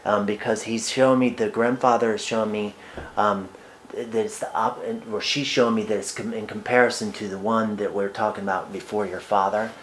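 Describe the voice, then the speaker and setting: A man working as a psychic medium in a one-on-one reading, speaking haltingly with many fillers and restarts, sometimes dropping to soft murmured asides. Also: fairly low pitch, steady tone, a little hiss or hum.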